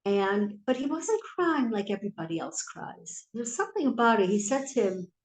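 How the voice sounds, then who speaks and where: Lively woman teaching in an echoey hall. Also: fairly high pitch, moderate pace. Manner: animated, swings from soft to emphatic. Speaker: Torah class teacher. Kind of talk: informal Torah class storytelling. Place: historic synagogue hall. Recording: echoey room.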